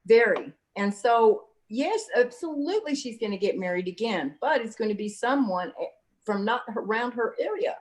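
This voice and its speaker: A woman's voice: a little high, lively intonation, normal speed. A woman giving psychic readings in a casual, chatty way, calling the viewer honey. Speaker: psychic reader. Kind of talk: casual livestream reading chat.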